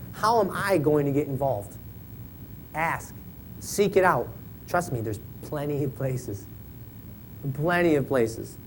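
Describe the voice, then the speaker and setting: A man in his thirties gives a casual, joking sermon from a church pulpit. He talks in a folksy way and keeps checking in with "right?". A faint low rumble sits under the recording. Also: a little mellow, poor audio. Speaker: church member preaching. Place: church sanctuary.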